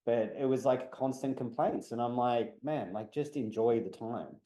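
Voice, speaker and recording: A man's voice: mid-range voice, moderate pace, warm tone. A man, talking bluntly and heatedly as a podcast guest, swearing freely. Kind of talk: casual podcast chat. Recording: echoey room.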